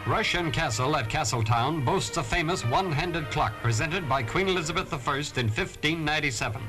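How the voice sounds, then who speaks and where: A man's voice: a little high, animated, brisk, over loud music, poor audio. A man narrating an old newsreel in a formal, clipped, scripted way.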